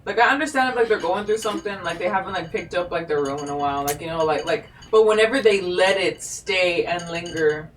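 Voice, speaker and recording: A woman's voice: on the low side, fairly quick, hardly any pauses, slight background noise, low-quality recording. A young woman co-hosting a podcast in casual chat, telling comic stories full of "like". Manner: animated, filler-heavy, comic storytelling. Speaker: podcast co-host.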